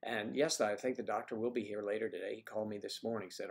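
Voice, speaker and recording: In a lowish, gravelly voice with fairly even intonation, a man briskly reads viewer comments on his casual livestream. He greets viewers by name and teases them playfully.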